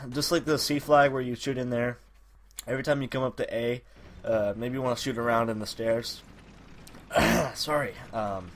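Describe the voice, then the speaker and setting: A man giving casual gameplay commentary while he has a cold, his voice a little raspy, rambling with many fillers and corrections. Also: mid-range voice, a little hiss or hum. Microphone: personal microphone.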